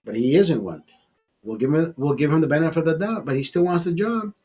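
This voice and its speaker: A vlogger in his fifties rants casually and bluntly to the camera, swearing as he goes. His husky voice sits a little high for a man, warm in tone, brisk, with lively intonation, and he stumbles over words and repeats himself to drive his point home.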